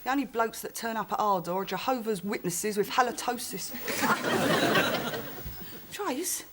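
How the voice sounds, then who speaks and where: Brief: a sardonic auntie, rather high, lively delivery. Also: female voice, measured pace, very noisy. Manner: wisecracking, sarcastic. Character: sardonic, bawdy London woman, the boy's auntie.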